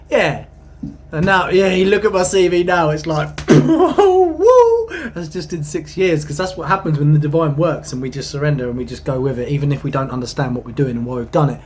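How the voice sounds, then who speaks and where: A young man hosting a spiritual channel rambles excitedly about spiritual matters, swinging between hushed asides and emphatic bursts and swearing casually. His voice is mid-range, with a slight hiss or hum in the audio.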